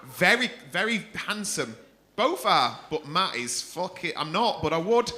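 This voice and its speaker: A man's voice: high-pitched, very animated, measured pace, sharp tone. A man with a Mancunian accent doing stand-up crowd work in a comedy club, teasing audience members with a lot of swearing and laughing through his own jokes. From North West England.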